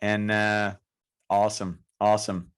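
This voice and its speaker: A man's voice: lowish voice, flat delivery, unhurried, smooth. A man co-hosting a casual podcast, enthusiastic and rambling. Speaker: podcast co-host.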